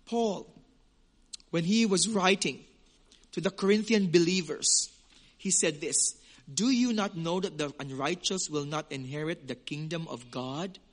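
A man preaching a sermon in an animated way, acting out small scenes and stretching key words slowly for emphasis. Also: fairly high pitch. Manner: animated, acts out little scenes with quoted voices. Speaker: pastor.

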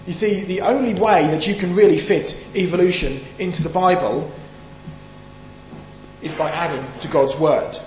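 A man's voice: fairly high pitch, moderate pace, darkish tone. A man from the UK preaching a Sunday sermon, emphatic and questioning the audience as he reads and explains scripture. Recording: echoey hall, faint hum.

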